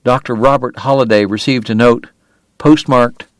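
A man narrating an audiobook in a measured, lyrical storytelling manner. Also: medium pitch, steady tone, dry recording, studio quality. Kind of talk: scripted narration.

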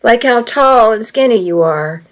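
A woman voicing an easygoing teenage boy who teases his best friend in a calm, matter-of-fact way. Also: fairly high pitch, measured pace, low-quality recording.

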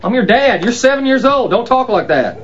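Brief: frustrated son, exasperated and whiny; lo-fi film clip. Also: male voice, very high voice, animated, fairly quick. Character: frustrated grown son, pizza delivery man.

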